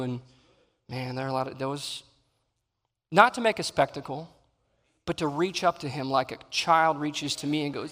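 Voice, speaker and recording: Male preacher, animated sermon delivery, slightly high voice, church hall echo. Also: normal speed. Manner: animated, acts out Bible scenes, swings loud to soft. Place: church sanctuary. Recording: long reverb in a large hall.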